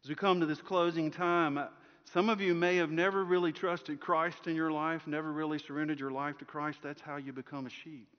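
A man preaching a sermon as a pastor, telling a story and moving between strong projection and hushed softness. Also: a little high, steady tone, brisk, hardly any pauses. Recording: long hall reverb, dull lo-fi sound.

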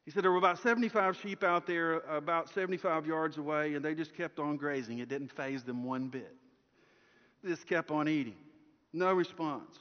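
A male pastor with a somewhat high voice delivers a sermon to his congregation. He tells his story dynamically, pressing out loud one moment and dropping to a near-hush the next. The sound is dull and lo-fi, with a long reverb trailing off the church walls. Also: normal speed. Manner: storytelling, swinging from strong projection to hushed softness.

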